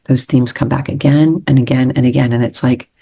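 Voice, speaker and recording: A woman author speaking as an interview guest, earnest and gentle, repeating phrases for emphasis. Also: a bass voice, fairly even intonation, a little fast, creaky, slightly rough. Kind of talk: reflective interview conversation.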